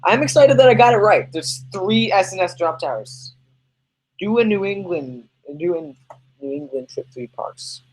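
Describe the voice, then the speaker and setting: A man's voice: high-pitched, animated, moderate pace, slightly rough, poor audio. A man hosting a casual livestream podcast, rambling and chatty as he answers viewers' questions. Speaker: podcast host reading live chat.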